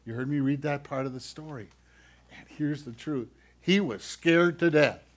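A man giving a children's sermon as pastor, gentle and playful as he talks to the kids. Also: a little high, moderate pace.

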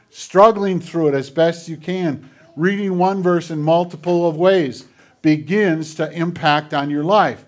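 A man preaching a sermon to a congregation, retelling scenes dramatically and dropping into quiet, hushed passages. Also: a little high. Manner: dramatic retellings, drops to near whispers. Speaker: pastor. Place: church filmed on camera.

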